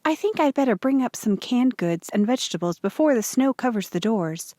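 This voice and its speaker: A woman reading aloud, voicing a brisk farm mother who turns hoarse with a cold, in a high, lively voice. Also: dry recording, clean studio sound, lightly acted. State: hoarse and croaking when sick. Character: worried farm wife, mother, turning hoarse.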